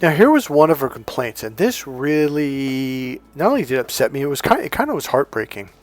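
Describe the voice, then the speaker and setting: A man talking casually as a dating coach, telling a story with lively asides and quoted voices. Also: mid-range voice, brisk, faint music behind. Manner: animated, mimics voices in quoted dialogue, laughs often.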